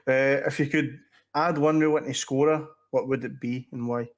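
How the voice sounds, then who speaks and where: Guy co-hosting, asks quickfire questions, laid back. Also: medium pitch. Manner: relaxed, sweary, reads out questions. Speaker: co-host. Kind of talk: casual chat.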